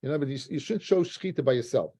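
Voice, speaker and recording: Husky-voiced man teaching Talmud. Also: mid-range voice, fast. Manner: animated, conversational, with Hebrew and Yiddish terms. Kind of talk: Talmud lesson with storytelling.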